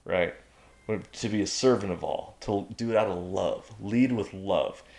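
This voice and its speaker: A man's voice: low voice, unhurried, creaky, a little mellow. A man talking as a guest on a podcast in a casual chat, emphatic and preachy as he drives his points home.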